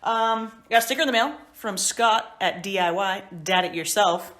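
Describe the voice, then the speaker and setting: Casting: woman shop vlogger, mid pitch, chatty and upbeat, roomy workshop echo. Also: moderate pace, a bit bright, a little hiss or hum. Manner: chatty, upbeat, rambling asides. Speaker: woodworker vlogger. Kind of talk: casual vlog diary. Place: woodworking shop.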